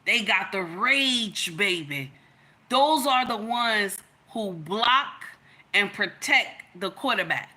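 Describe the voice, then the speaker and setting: A woman's voice: medium pitch, lively intonation, slow, sharp tone. A woman, giving an emphatic, storytelling opinion monologue in which she repeats her points. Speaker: content creator.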